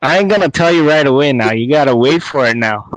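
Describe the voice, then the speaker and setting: A man from Canada calling into a talk show, teasing and relaxed as he chats. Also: medium pitch, quick pace, no room sound, low-quality recording. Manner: teasing, laid-back. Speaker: caller. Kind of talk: casual chat.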